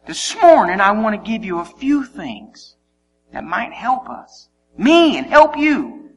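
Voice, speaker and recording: A man preaching, telling a funny story with shouted exclamations and quiet asides. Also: high voice, big pitch swings, takes it slowly. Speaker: pastor. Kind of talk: sermon with humorous personal story. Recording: long hall reverb, faint hum.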